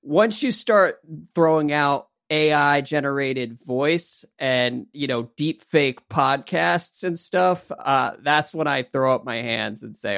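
A man hosting a podcast, reading listener questions in relaxed, friendly casual chat. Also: fairly high pitch, slow, gravelly, clear, resonant tone, no room sound, clean studio sound.

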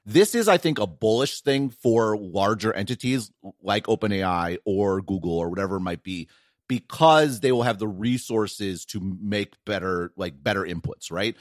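A middle-aged man from Wisconsin with a Wisconsin accent, co-hosting a tech podcast in animated casual chat, full of restarts and quick "right?" checks. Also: fairly low pitch, dry recording, studio quality. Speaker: podcast co-host, tech analyst.

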